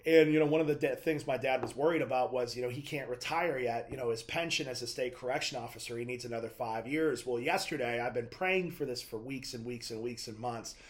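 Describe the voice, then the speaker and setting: A man's voice: mid-range voice, fairly quick, few pauses. A young adult man giving a preaching monologue as a Christian speaker, telling stories in an earnest, conversational way.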